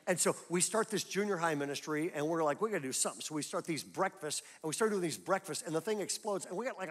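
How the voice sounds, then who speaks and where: A middle-aged man preaching a sermon as pastor, telling a story and building to loud emphatic peaks. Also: on the high side. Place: church auditorium.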